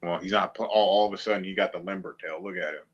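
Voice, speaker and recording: Streamer, male, low husky voice, mocking and combative rant. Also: steady tone, fast, highs cut off. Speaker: online streamer. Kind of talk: ranting commentary to viewers.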